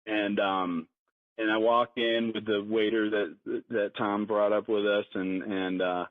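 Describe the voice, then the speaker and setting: A man who works as a hotel cook tells a long story on a podcast. He talks in a lively way, acts out other people's lines and laughs often. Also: on the low side, a little slow, no room sound. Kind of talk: casual storytelling. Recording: dry, muffled podcast recording.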